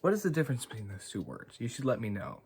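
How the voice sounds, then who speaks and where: An American man chatting casually and softly for an ASMR video, rambling and laughing at himself, recorded on a phone in a home studio. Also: medium pitch, very animated, quick pace, slight background noise. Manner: rambling, self-amused, laughs often. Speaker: ASMR creator. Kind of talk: casual ASMR chat with soft whispering. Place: home studio with haze and lights. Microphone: phone on a gimbal.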